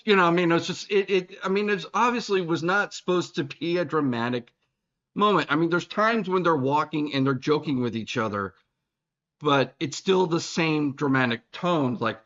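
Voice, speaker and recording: A man's voice: on the high side, lively intonation, normal speed, fairly bright tone, highs cut off. Rambling, teasing male podcast host. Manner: rambling, teasing, many restarts. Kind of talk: casual podcast chat. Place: recording room in Boston.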